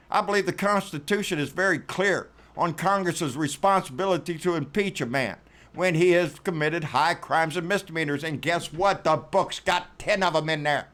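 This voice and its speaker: A man's voice: high voice, a bit bright. A man hosting a casual political commentary rant, talking in a sarcastic, profane way and repeating himself for emphasis.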